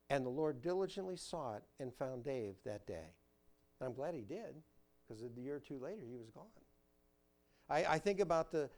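A man preaching a sermon to his congregation with animated emphasis, asking questions and answering them himself. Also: on the high side. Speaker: pastor. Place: church sanctuary.

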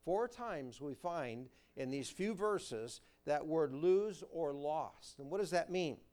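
Preacher guy giving a sermon, voice a bit high, big swings from loud to hushed. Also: expressive, takes it slowly. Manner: preacher's cadence, rising emphatic and dropping quiet, quotes scripture. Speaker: pastor.

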